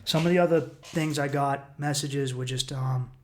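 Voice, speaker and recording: A man's voice: medium pitch, steady tone, moderate pace, darkish tone. A man hosting a solo podcast, talking in a rambling, reflective and profane way. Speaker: podcast host. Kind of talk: casual solo podcast monologue.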